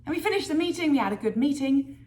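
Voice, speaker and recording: A woman vlogging a workplace story, lively and acting out the voices of people she quotes. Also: high voice, fast. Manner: lively storyteller who acts out quoted dialogue. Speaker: business leader sharing a career story. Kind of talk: storytelling vlog.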